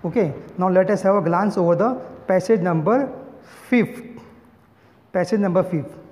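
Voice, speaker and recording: A man's voice: high-pitched, normal speed, darkish tone. A man with an Indian English accent explaining a story to students as their English teacher, hesitant, with many fillers, repeating words and spelling them out. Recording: echoey, dull lo-fi recording.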